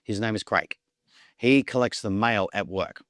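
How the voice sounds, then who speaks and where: A man's voice: on the low side, a little slow, fairly bright tone, no room sound, clean studio sound. A man telling his own story in casual talk, rambling, repeating words and acting out the lines of others. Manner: rambling, repeats words, acts out quoted dialogue. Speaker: podcast guest.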